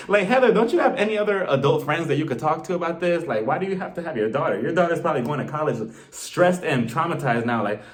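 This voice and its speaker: A man's voice: on the high side, animated, fast talker, hardly any pauses. Fields: Role: reality TV reviewer. Style: comedic recap vlog. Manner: sassy, laughs at his own jokes.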